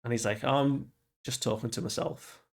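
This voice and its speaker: Young male reviewer, mid pitch, loose chatty recap full of fillers. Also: steady tone, moderate pace, gravelly. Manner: rambling, loosely quotes characters with fillers like "you know". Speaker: manga reviewer. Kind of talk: casual recap commentary.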